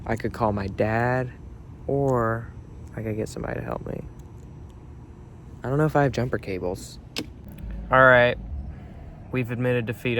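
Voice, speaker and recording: Brief: young male vlogger, mid-pitch, self-mocking chatter with sudden loud outbursts, phone mic outdoors, faint noise. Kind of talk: casual vlog. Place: outdoors by a car at night.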